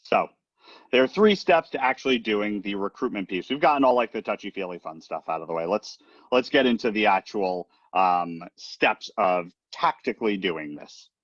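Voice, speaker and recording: A man's voice: on the low side, lively intonation, normal speed, a bit bright, dry recording, dull audio. A man giving a casual training talk on recruiting, chatty and often checking in with the listener. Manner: chatty, leans on "right?" and "um" as he talks. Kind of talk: casual presentation.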